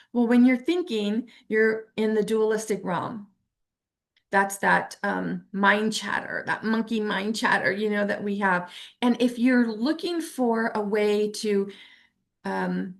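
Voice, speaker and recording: A middle-aged woman giving an earnest, encouraging self-help talk as a teacher, now and then acting out short quoted remarks. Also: mid-range voice. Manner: earnest and encouraging, acts out little quoted lines. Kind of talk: motivational talk.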